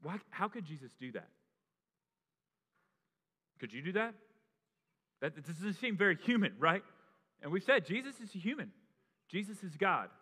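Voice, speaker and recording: A man's voice: high voice, sing-song, normal speed, pauses often, pushed and bright, slightly rough. A pastor preaching an impassioned sermon, often restarting his phrases. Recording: long reverb of a large hall.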